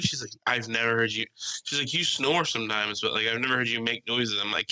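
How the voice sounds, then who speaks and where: A young man co-hosting a casual podcast, telling animated stories, swearing freely and mimicking other people's voices. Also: mid-range voice, fairly quick, low-quality recording. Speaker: podcast co-host.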